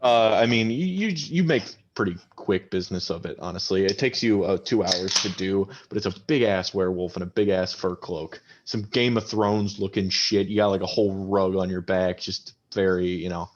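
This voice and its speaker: A man running a tabletop game as game master, narrating casually and haltingly, with lots of ums and likes. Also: sits low, muffled recording, a little hiss or hum.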